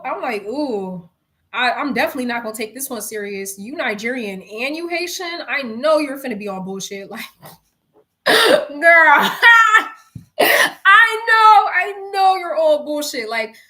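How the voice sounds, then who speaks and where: A young woman from New York spins a casual storytime for her viewers, full of slang, swearing and asides to "y'all". Her voice sits high and rings bright and sharp. She talks loosely and animatedly, as if chatting with friends. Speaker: live-streaming storyteller.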